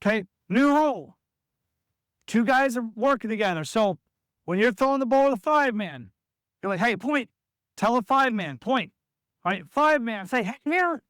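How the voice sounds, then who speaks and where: A man coaching a basketball practice, giving instructions and calling out drills to players, sometimes acting out what they should shout. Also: extremely high pitch, expressive, moderate pace, clean tone, dry recording, studio quality.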